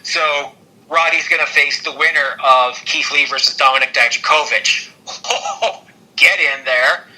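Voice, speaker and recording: A man with a very bright, slightly high voice chats through a wrestling recap, rambling and excitable, full of fillers and quick laughs. He sounds like a podcast co-host caught up in the moment. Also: rough recording. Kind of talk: casual wrestling recap chat.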